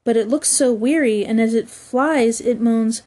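A breathless little boy in a storybook, his high voice cracking with panic or dropping into hushed wonder, as a woman reader puts him on. The voice sounds soft and mellow. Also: a little slow. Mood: awestruck. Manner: frantic, then hushed and awestruck. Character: panicked, breathless young boy lost in the woods.

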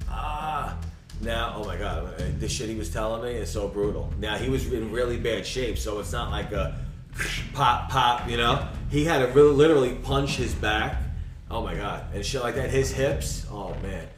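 A man's voice: lowish voice, moderate pace, reverberant, far from the mic, over music. A man telling a long story in a casual podcast chat, profane and rambling, often acting out what others said. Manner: profane, rambling, acts out quoted voices. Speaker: podcast co-host.

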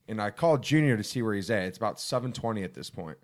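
A man's voice: lowish voice, expressive, fast. A young man joking and swearing while telling a story to friends. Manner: jokey, swears, chimes in. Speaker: podcast co-host. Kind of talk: casual storytelling among friends.

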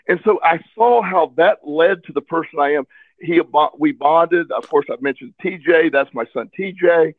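A man's voice: on the high side, moderate pace, no room sound. A man telling a personal story in a casual interview, candid and earnest, often repeating words as he searches for them. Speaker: interview guest. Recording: tinny phone line, dry.

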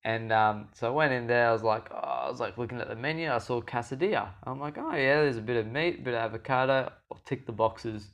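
A young man relaxes into a long anecdote, talking casually and often laughing. He breaks into quick impressions of the people he is describing. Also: medium pitch. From Australia. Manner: animated, acts out quoted voices, laughs often. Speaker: guest fighter. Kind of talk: casual storytelling chat.

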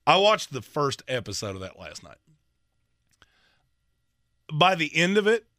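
A man co-hosting a sports radio show in casual banter, ranting with animated, exaggerated complaints. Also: a little high, measured pace, dry recording, clean studio sound.

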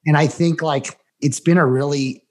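A man's voice: fairly high pitch, fairly even intonation, moderate pace, darkish tone. A man co-hosting an interview, chiming in supportively with jokes and reassurance. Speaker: podcast co-host. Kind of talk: casual interview chat.

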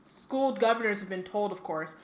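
A woman's voice: medium pitch, animated. A woman podcast co-host who reads a novel aloud and chats casually, correcting herself often and filling gaps with 'like' and 'um'. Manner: quick reading with frequent self-corrections and fillers. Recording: echoey room with faint ambient noise.

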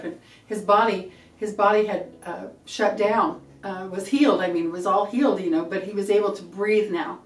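A middle-aged woman giving an earnest, halting church testimony, often repeating herself. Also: medium pitch. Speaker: testifying believer. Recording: echoey room from a distance, faint music.

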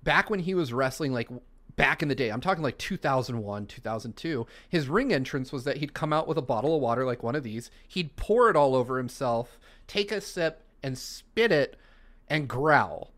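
A man's voice: medium pitch, expressive, moderate pace, fairly bright tone. A man co-hosting a podcast, telling a long funny story in casual chat and laughing through it. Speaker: podcast co-host.

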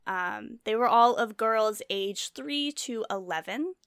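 A woman's voice: fairly high pitch, lively intonation, slow pace, fairly bright tone, clean tone, no echo, clean studio sound. Woman telling true-crime stories casually. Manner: storytelling with many fillers and asides. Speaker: podcast co-host.

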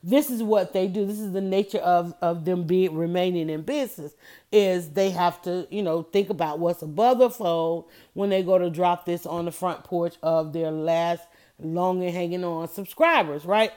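A woman talking straight to her listeners in a casual opinion monologue, animated and emphatic. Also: lowish voice, normal speed. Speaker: commentator.

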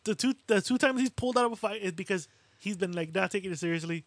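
A man with a notably high voice holds forth in casual podcast banter, lively and blunt, with plenty of swearing. His voice is recorded close and dry, with no room sound around it. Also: quick pace, no room sound. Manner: animated, acts out fighters' quotes, swears freely. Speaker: boxing podcast co-host. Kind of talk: casual chat.

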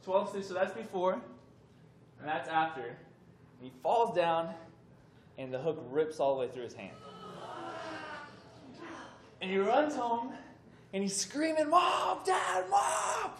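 A young man giving a casual sermon to a youth group. He tells a story with animated, conversational delivery and acts out the voices in it. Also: high-pitched, slow pace, pauses often. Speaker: youth speaker. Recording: echoey room with faint background noise.

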